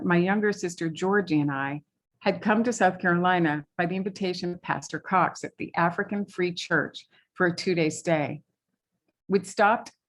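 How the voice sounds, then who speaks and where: A woman from New England reads aloud from her novel at a library talk. Her voice sits on the low side, and she pauses with fillers between passages. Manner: hesitant with fillers between readings. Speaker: author.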